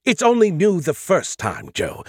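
A man's voice: high-pitched, wildly swooping pitch, unhurried, slightly rough, no room sound, studio quality, voice pushed up, full character voice. A man voicing a smug sarcastic AI. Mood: lecturing. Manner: condescending, lecturing. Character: smug sarcastic male AI, know-it-all. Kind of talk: audiobook character voice.

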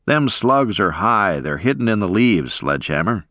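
Male reader doing a war veteran Marine: low, laid-back, folksy, unbothered. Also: sing-song, normal speed, fairly bright tone, no room sound, studio quality. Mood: nonchalant. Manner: nonchalant, folksy drawl. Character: seasoned male Marine veteran, calm under fire.

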